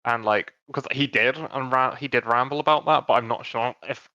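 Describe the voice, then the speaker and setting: A man with a bright, forceful voice explains his move in a rambling, self-correcting way. His mic sounds dry and dull, with little room around it. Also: mid-range voice, normal speed, dry recording. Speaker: player. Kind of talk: casual tabletop play.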